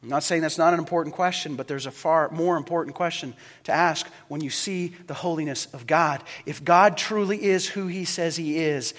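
High, bright-voiced man preaching in a hall. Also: moderate pace. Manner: preaching with big swings between loud calls and hushed low lines. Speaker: pastor. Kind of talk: sermon. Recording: reverberant hall.

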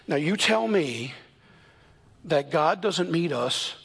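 A pastor in his fifties preaching a sermon in church, telling stories earnestly and shifting between quick and slow, emphatic delivery. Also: on the high side, animated, vocal fry, a bit bright, a little hiss or hum.

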